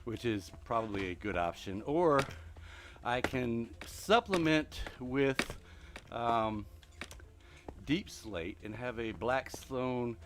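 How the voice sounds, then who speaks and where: A middle-aged man talks through a live gameplay stream while walking on a treadmill, audibly short of breath. He drops to a near whisper when counting blocks to himself, then lifts his voice to chat with viewers. His pitch sits mid-range for a man. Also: background noise. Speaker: gaming streamer.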